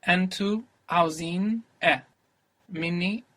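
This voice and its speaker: A man's voice: sits high, racing, fairly bright tone. A man taking part as a student in a language lesson, giving short answers and repeating phrases.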